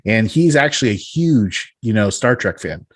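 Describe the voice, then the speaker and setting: A man's voice: on the low side, expressive, normal speed. A man hosting a casual podcast chat, rambling with many fillers and restarts, laughing often. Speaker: podcast host.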